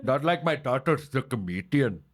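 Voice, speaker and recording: A man's voice: mid-range voice, lively intonation, moderate pace, lightly acted. A man putting on a proud, pushy parent who brags about one child and dismisses the other. The voice sits a little back from the mic. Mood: boastful.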